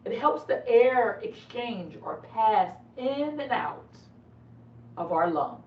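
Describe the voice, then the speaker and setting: Lively nurse in an echoey room. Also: female voice, on the high side, slow, recorded from a distance, highs cut off. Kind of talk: lesson for children.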